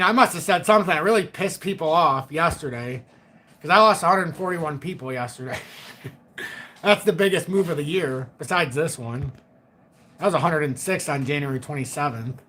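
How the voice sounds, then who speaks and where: A man's voice: fairly high pitch, a bit bright. A middle-aged man hosting a live chat stream, joking, laughing often and swearing casually. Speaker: livestream host.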